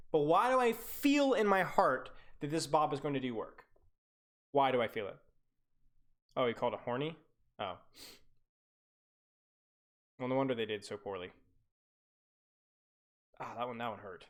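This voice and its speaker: Young male game coach, live-stream review, blunt teasing critique, very animated delivery. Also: mid-range voice, a little slow, pauses often.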